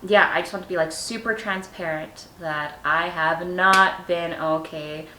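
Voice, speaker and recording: A woman's voice: on the low side, steady tone, unhurried, sharp tone, echoey room, slight background noise. A woman in her twenties telling funny personal stories at home in casual vlog chat, candid and self-mocking, laughing often. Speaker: vlogger.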